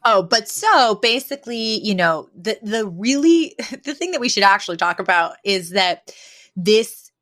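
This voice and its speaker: A woman co-hosting a podcast, talking in an animated, casual way with lots of fillers. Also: medium pitch, unhurried. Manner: animated, chatty with many fillers. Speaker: podcast co-host. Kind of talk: casual chat.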